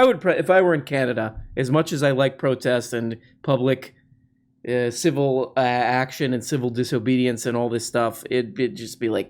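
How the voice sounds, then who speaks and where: Male commentary host, mid-pitched, casual and mocking, lots of false starts. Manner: sardonic, mocking, with many restarts and put-on quote voices.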